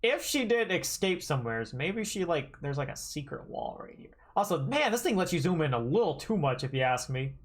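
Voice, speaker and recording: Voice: medium pitch, very animated, brisk, hardly any pauses. A streamer in their thirties chatting and joking through a livestreamed game, now and then reading the dialogue aloud. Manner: chatty, jokey, reacts loudly.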